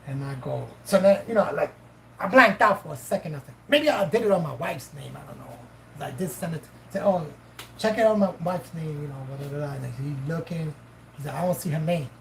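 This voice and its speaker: A woman's voice: deep voice, brisk, creaky, slight background noise, poor audio. A woman host casually telling a story on a live stream, swearing freely and acting out both sides of the dialogue. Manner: profane, animated, acts out both sides of dialogue.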